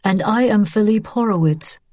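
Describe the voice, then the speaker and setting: A woman's voice: mid-range voice, normal speed, mellow, dry recording, clean studio sound, pitched above the performer's own voice, close to an everyday voice. A woman reading the part of a younger man who introduces himself formally and politely.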